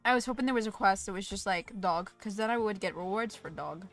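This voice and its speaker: A woman's voice: medium pitch, fairly quick, a bit bright, soft background music. A woman streamer chatting casually while playing a game, swearing, laughing and reading the on-screen text aloud. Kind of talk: casual gameplay commentary.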